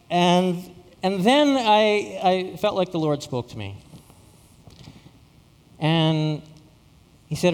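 Stammering pastor from Saskatchewan, reverberant hall. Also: male voice, on the high side, unhurried. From Saskatchewan, Canada. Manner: stammering, repeats words, self-deprecating humor. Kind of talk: storytelling sermon.

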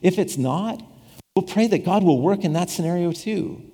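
A male preacher gives a conversational sermon and keeps circling back over his own phrases. His husky voice swings widely in pitch as he plays out the voices in his story. The sound carries a long reverb, as in a large church hall. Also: lively intonation, normal speed, dark tone. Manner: conversational, repeats and restarts phrases, acts out quoted voices with humor. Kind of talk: casual sermon.

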